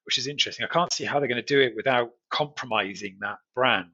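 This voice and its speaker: Gravelly wry British-sounding man, chatty. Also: medium pitch, pushed and bright, dull audio. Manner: chatty and wry, with quick jokey asides. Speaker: consultant reviewing a regulator's strategy. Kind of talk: casual solo video commentary.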